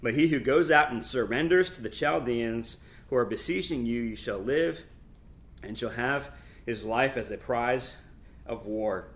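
Animated male Bible teacher reading scripture. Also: mid-range voice, a little slow. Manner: animated, reads scripture aloud with emphasis and asides.

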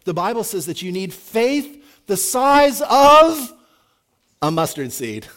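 A man preaching with a voice pitched a touch high. He tells the stories animatedly, jumping between loud, excited lines and hushed, quieter ones as he acts out the people in them. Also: slow pace. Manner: animated, acts out quoted voices with big swings in pitch and volume. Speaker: pastor. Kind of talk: sermon.

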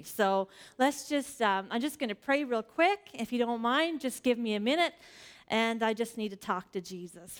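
Earnest higher-voiced woman preacher. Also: normal speed, clear, resonant tone. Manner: earnest, chatty, storytelling; frequent fillers like "like". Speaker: church speaker. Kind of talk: personal sermon with prayer.

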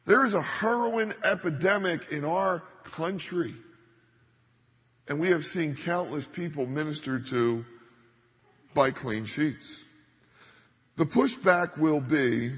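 Brief: middle-aged male pastor, emphatic sermon delivery, slightly husky, long church reverb. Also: a little high, lively intonation, slow, fairly bright tone. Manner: emphatic, building to stressed points.

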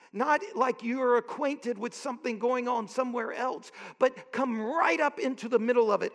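Slow earnest preacher, high gravelly voice. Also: male voice, in a large hall. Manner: earnest, building to impassioned questions, slow deliberate emphasis. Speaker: pastor. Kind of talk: sermon.

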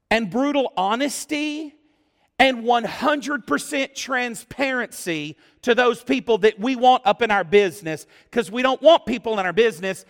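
A male pastor delivers an animated sermon in a strikingly high voice with a gravelly edge. His pitch leaps around as he exclaims and acts out the quotes. A long reverb from the church hall trails every phrase.

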